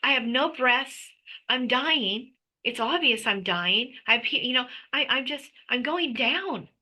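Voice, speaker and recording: A middle-aged woman tells her personal story in an interview, her voice high-pitched and sharply bright. She talks with raw intensity, stumbling and restarting as the words tumble out. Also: animated, a little slow, rough recording. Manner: intense, frequent restarts and stammers. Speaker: interview guest. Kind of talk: emotional personal testimony.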